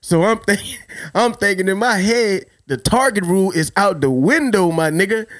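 Man, loud, profane, laughs a lot, fairly high voice, podcast host. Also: moderate pace, dry recording, clean studio sound. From Louisiana. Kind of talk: casual rambling storytelling.

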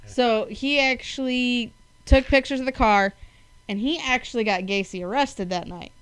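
A woman's voice: a little high, moderate pace, smooth, dry recording, rough recording. A woman from Wisconsin hosting a casual true-crime podcast, swearing freely and tripping over her words. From Wisconsin, USA. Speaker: podcast host.

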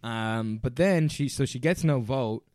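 A man's voice: mid-range voice, unhurried, a little mellow, dry recording, studio quality. A male podcast co-host in casual chat, sounding stuffed up and nasal, talking with lots of hesitant restarts.

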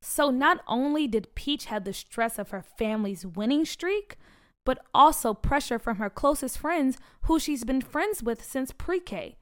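A woman reads a children's story aloud in an expressive, animated way. Her voice sits fairly high and she gives the narration plenty of lift. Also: measured pace.

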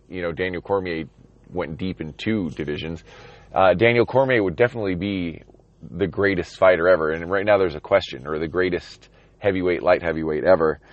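A man with a very deep voice rambles casually about a comic issue, stopping often to restart his thoughts. The sound is dry and a little dull, with no room around it. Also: no echo. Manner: rambling, many restarts and ums, reading passages aloud. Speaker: comic book reviewer. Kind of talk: casual comic book commentary.

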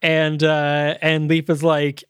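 A man's voice: a little high, monotone, slow, clear, resonant tone, dry recording, clean studio sound. A man co-hosting a podcast, casually reviewing a movie and retelling its scenes with lots of uh and um fillers. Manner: loose retelling full of uh and um fillers. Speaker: podcast co-host.

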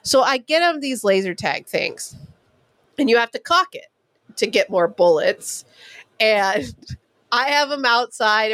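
A woman's voice: a little high, fairly bright tone, no echo. A woman from California, a talk show co-host telling candid, swearing family stories in casual chat. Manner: candid storytelling with laughs and swearing.

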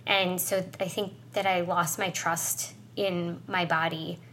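A woman's voice: lowish voice, little pitch movement, slow pace, a bit bright, a little hiss or hum. Tearful woman opening up on a podcast. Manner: emotional, tearful, reflective. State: choked up, crying. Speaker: podcast co-host. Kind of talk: casual heartfelt conversation.

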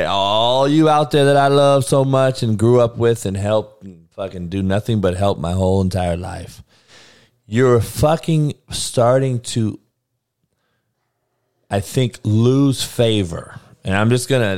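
A man's voice: on the low side, a little mellow, smooth. A man hosting a show, delivering an irritated, profane, blunt ranting monologue. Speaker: show host.

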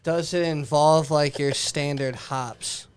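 A man's voice: a little high, fairly even intonation, slow pace, clean tone. A man co-hosting a casual podcast, swearing freely and tacking dude onto his lines. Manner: swears a lot, says dude. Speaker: podcast co-host.

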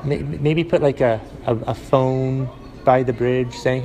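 A man hosting a solo podcast, rambling through local stories in a deadpan way with many fillers and restarts. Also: medium pitch, unhurried, slight background noise, rough recording. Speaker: podcast host. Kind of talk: casual solo podcast monologue.

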